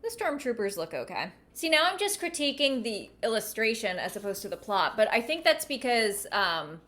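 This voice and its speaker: A woman's voice: a little high, sing-song, normal speed, bright, forceful tone. A woman reading a children's book aloud and breaking off for wry, chatty asides. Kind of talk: casual reading with commentary.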